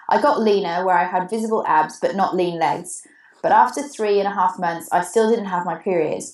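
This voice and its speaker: A woman's voice: lowish voice, echoey room, low-quality recording. A Welsh woman co-hosting a podcast, chatting casually and reading out a listener's question, with a digressive manner. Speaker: podcast co-host.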